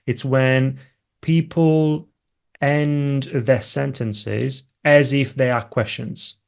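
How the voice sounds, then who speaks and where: A man's voice: medium pitch, fairly even intonation, drawn-out words, vocal fry, clear, resonant tone. A man from Italy hosting a podcast and asking thoughtful questions, often restarting his phrasing. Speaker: podcast host. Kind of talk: interview questions.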